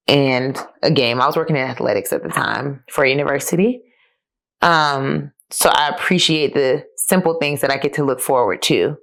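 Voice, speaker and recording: Low-voiced woman, candid podcast host. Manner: candid and conversational, addressing listeners as y'all; emotional, close to tears, with laughs. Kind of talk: solo podcast, reading and reflecting on old journal entries.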